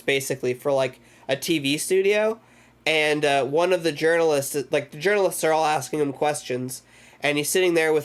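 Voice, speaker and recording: Man, slightly high voice, casual streamer, rambly and sweary, recaps a movie live. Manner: rambling, profane, loose retelling with acted-out quotes. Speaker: streamer hosting a movie club.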